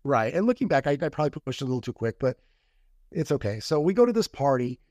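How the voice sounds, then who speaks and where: A man's voice: medium pitch, big pitch swings, quick pace, a little mellow, dry recording. Male podcast guest, casual storyteller, mid-range voice, dry close sound. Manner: rambling retelling with quoted dialogue and restarts.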